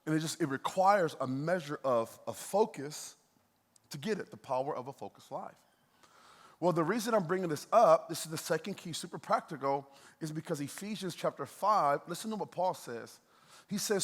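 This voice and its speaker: A man preaching a sermon as a pastor, in a lively, conversational way, with playful asides to the congregation. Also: on the high side, moderate pace. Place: church auditorium. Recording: long hall reverb.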